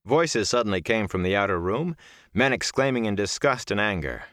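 A male narrator reading fiction aloud with steady, expressive storytelling. His voice is deep, yet it moves with lively inflection. The recording is close and dry. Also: normal speed, no echo. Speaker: audiobook narrator. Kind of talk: scripted narration.

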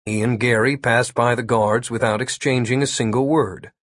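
A man reading an audiobook as narrator, with a steady storytelling delivery. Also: mid-range voice, moderate pace, no room sound. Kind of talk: scripted narration.

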